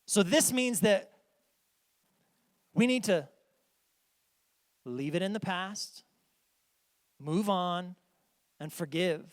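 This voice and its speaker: Pastor pria, suara tinggi, berkhotbah sungguh-sungguh di gedung gereja bergema panjang. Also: male voice, high-pitched, drawn-out words, long pauses, big-room sound. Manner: earnest, emphatic preaching. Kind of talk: sermon. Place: church sanctuary.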